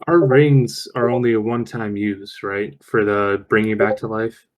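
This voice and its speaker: Swearing, excitable tabletop player man. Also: fairly low pitch, moderate pace, rough recording. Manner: excitable, swears, thinks aloud. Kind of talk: casual tabletop game chat.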